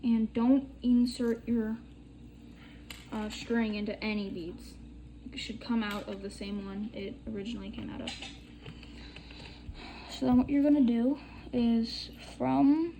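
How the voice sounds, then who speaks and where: Young woman rambling thru a craft tutorial, swears a lot, slow easy talk. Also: a little high, steady tone, warm tone, a little hiss or hum. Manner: chatty, swears casually, rambling storytelling. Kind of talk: casual chat while demonstrating bead crafting.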